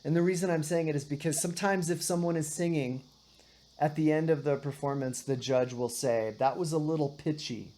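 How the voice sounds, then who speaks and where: A woman whose voice sits low, steady and mellow, talking a little fast, leads a one-on-one guitar and singing lesson. She explains with patience, often asks "right?", and demonstrates by singing short bits.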